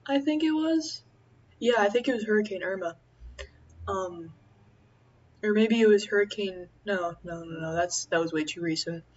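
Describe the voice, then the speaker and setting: A young woman chatting casually as she eats, rambling and halting with many fillers. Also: medium pitch, muffled recording. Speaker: vlogger. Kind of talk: casual chat while eating.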